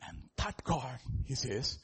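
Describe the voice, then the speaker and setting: A male pastor preaching a sermon, animated, chuckling and rising to loud emphasis, often asking the congregation questions. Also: medium pitch, slow, breathy edge.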